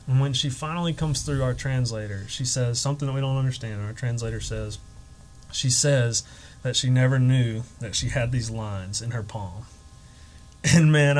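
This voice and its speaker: A man recounts a story on a podcast, his voice sitting in a middle range. He gets animated and acts out what people said, with his emotion rising and falling. A faint hiss runs under the recording. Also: medium pitch, low-quality recording. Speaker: guest telling a ministry story.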